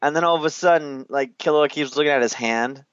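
A man's voice: on the high side, brisk, a bit bright, clean tone, no room sound, lo-fi sound. A man chatting casually and swearing often as he loosely retells a movie's scenes, laughing along the way. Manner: loose, profane, laughing storyteller. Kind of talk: casual chat recapping a movie.

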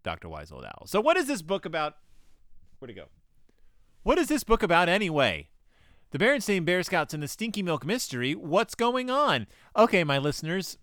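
A man's voice: medium pitch, a bit bright, smooth, no room sound, studio quality. A male podcast host giving casual comedic commentary on children's books, sarcastic and rambling with many asides.

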